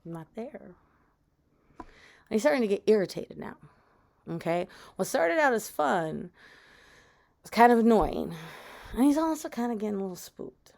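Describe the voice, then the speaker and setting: A young adult woman telling a spooky story in a casual, chatty way, sinking to a hushed whisper at the scary parts. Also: mid-range voice, very animated, moderate pace, gravelly, long pauses. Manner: conversational, with fillers, dropping to a whisper at tense moments.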